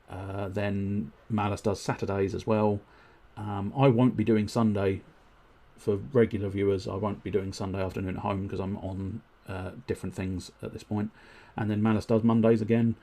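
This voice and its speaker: A man talks through a live gaming stream in a lowish, husky voice. He speaks in a wordy, politely formal way, full of ums and self-corrections. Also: mellow. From United Kingdom. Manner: wordy and politely formal, with many fillers and restarts. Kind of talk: casual live-stream chat.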